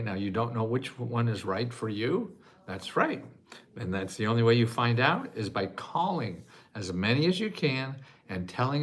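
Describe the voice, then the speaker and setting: Laughing, gravelly man in his eighties. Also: medium pitch, fairly bright tone. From United States. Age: 80s. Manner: self-mocking, laughs often, emotional. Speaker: host answering viewer questions. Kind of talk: casual livestream chat.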